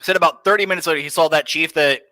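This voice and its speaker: A man's voice: a little high, steady tone, rapid-fire, pushed and bright, dry recording. A young man, a guest, telling profane stories in loose casual chat. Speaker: podcast guest.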